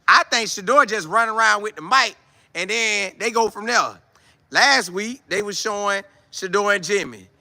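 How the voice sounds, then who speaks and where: Man, casual sports talk host, high voice, very bright and sharp tone, slangy, animated. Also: moderate pace, gravelly, no echo. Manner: animated, slangy, acts out players' chatter.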